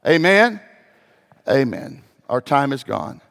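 A man preaching a sermon as pastor, telling a story and moving between hushed and loud, emphatic passages. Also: medium pitch, measured pace, vocal fry. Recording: long hall reverb.

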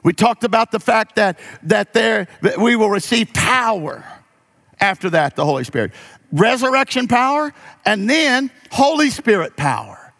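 A man's voice: sits high, very animated, normal speed, a bit bright. A pastor preaching a sermon, moving from folksy stories to emphatic calls to his congregation.

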